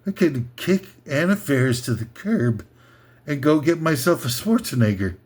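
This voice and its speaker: A man impersonating a smug, self-adoring male movie star in a low, pompous voice. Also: big pitch swings, normal speed, a little mellow, breathy edge.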